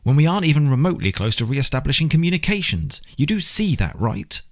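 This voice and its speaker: A man's voice: on the low side, very animated, brisk, voice pushed up. A man voicing an earnest, insistent compliance officer. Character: anxious male compliance officer, expectant father. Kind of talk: audiobook character reading.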